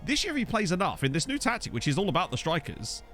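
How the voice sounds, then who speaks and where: A man streaming a football management game, rambling and riffing with his chat between excitable outbursts. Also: high voice, quick pace, faint music behind.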